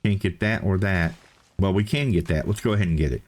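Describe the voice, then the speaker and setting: A man's voice: low-pitched, a little fast, darkish tone. A man giving casual, chatty commentary as he plays a game, thinking aloud and repeating himself. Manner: playful self-talk. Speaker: let's play host.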